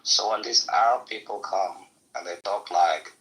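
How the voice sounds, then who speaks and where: A man's voice: fairly low pitch, moderate pace, a bit bright, slight background noise, low-quality recording. A man arguing bluntly and insistently as a debate panelist, swearing freely. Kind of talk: heated debate.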